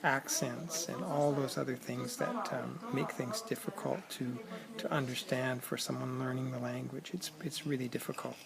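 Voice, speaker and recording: A man recording a casual video diary in a busy public place, talking haltingly with many ums and clearing his throat, his voice cracking a little. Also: medium pitch, fairly even intonation, low-quality recording. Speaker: vlogger learning a language abroad. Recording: crowd noise behind.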